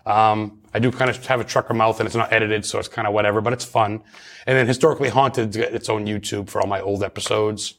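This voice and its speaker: A man's voice: lowish voice, steady tone, quick pace, a bit bright. A man talking as a paranormal investigator guest in a casual interview, chatty and rambling with many restarts.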